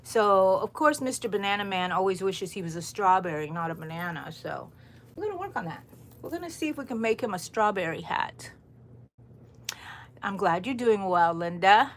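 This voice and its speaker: Her intonation is lively and her speed normal as this middle-aged woman hosts a crochet livestream at home, rambling and calling out viewers by name. The voice is medium-pitched with a little hiss or hum, on an overcast morning.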